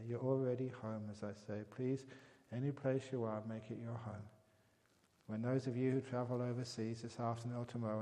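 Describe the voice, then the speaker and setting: Man, meditation teacher, gentle and calm, mid pitch, long hall reverb. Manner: gentle, calm, slows and softens on key words. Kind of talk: dharma talk with a joke.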